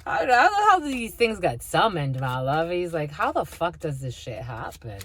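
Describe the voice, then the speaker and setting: A woman's voice: lowish voice, sing-song, moderate pace. A woman giving a spiritual tarot reading to her viewers, blunt and profane, laughing often and calling her listeners "my lovies.". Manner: laughs often between remarks. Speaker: tarot reader.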